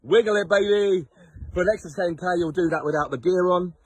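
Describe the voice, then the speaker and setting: Tired, husky-voiced biker vlogging. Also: male voice, on the high side, fairly even intonation, quick pace, dry recording. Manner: rambling, self-mocking, chatty. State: tired after little sleep. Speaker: ride leader of a charity motorbike trip. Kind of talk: casual vlog to camera. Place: outdoors on a coastal headland. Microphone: handheld phone camera.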